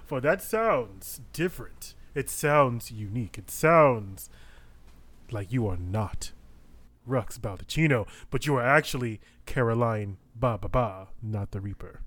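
A man's voice: mid-range voice, expressive, a little slow, a bit bright, no echo. Man running a tabletop game, teasing tone. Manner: giggly, teasing. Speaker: game master.

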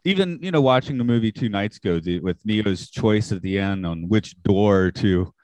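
A man's voice: on the low side, animated, moderate pace, a little mellow, dry recording. A man with a slight Southern American accent, chatting on a podcast in a rambling, hesitant way. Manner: rambling, hesitant, laughs at himself. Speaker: podcast co-host. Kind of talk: casual podcast discussion.

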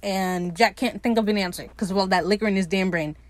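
A woman hosts a podcast, recapping a TV episode in a loose, sarcastic, foul-mouthed way and voicing bits of the characters' dialogue as she retells it. Her voice sits at a medium pitch and moves a little fast, with no room sound.

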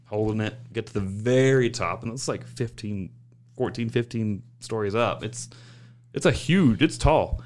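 Low-voiced man telling a profane story. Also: measured pace. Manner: animated, profane, acts out other people's lines. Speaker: guest recounting work stories. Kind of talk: casual storytelling.

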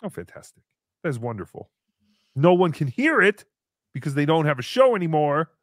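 A man hosting a casual live show, excitably chatting and reading out viewer messages. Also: a little high, a little fast, dry recording, studio quality. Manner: excitable, reads out paid messages. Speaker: show host.

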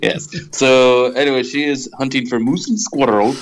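A man's voice: mid-range voice, steady tone, moderate pace, poor audio. A man co-hosting a podcast, reviewing a film in a wry, hesitant way with many ums. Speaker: podcast co-host. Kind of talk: casual film review chat.

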